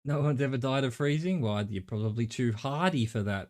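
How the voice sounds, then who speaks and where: A man's voice: mid-range voice, normal speed, few pauses, darkish tone. A middle-aged Australian man streaming a game, thinking aloud in a rambling way and swearing casually. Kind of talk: live gameplay commentary.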